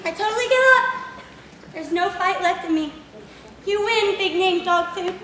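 A woman playing an overwrought housewife in a comedy sketch, melodramatic and laughing through rants and shouts. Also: extremely high pitch, moderate pace. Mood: defeated. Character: overwrought housewife spiraling into comic outrage. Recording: roomy, faint background hiss.

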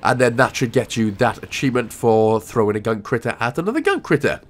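A man's voice: medium pitch, flat delivery, a little fast. A young Welsh man giving casual, rambling gameplay walkthrough commentary with jokey asides. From Wales.

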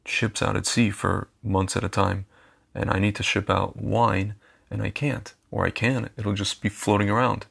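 A man's voice: sits low, gravelly, a bit bright, breathy edge. A man talking casually straight to his viewers as a commentator, chatty, repeating phrases and calling them his friends. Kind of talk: casual direct-to-camera monologue.

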